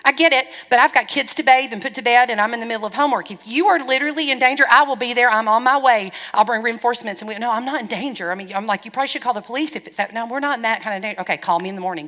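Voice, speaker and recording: Bright-voiced woman pastor preaching. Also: fairly high pitch. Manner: lively, frank, wry storytelling with quoted dialogue. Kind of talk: sermon. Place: church hall. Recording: long church-hall reverb.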